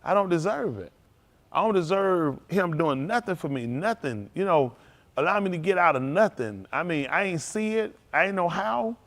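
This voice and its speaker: A male pastor giving an informal, animated testimony sermon at a service, talking straight to the congregation and laughing often. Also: high-pitched, moderate pace. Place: synagogue service.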